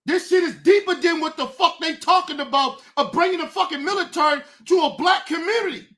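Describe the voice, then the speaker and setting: A woman hosting a livestream, ranting angrily in a profane voice that often breaks into shouting. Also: very high voice, brisk. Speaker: streamer, show host. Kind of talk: livestream rant.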